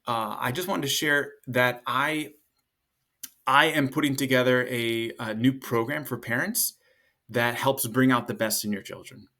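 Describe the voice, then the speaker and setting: A man in his thirties talks through parenting tips in a loose, chatty way, with plenty of fillers. His pitch sits in the middle for a man. Now and then he lifts his voice to play out what a parent or child might say. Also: pushed and bright. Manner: loose and chatty, acts out parent and kid lines in a higher voice. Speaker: parenting coach. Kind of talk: casual advice talk to camera.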